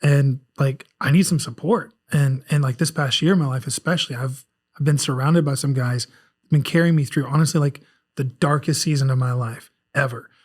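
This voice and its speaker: A guest author in his forties, this South Carolina man has a faint Southern accent and speaks at medium pitch and a moderate pace. The setting is a casual podcast with frequent restarts, and he rambles candidly, starting over again and again while looking inward.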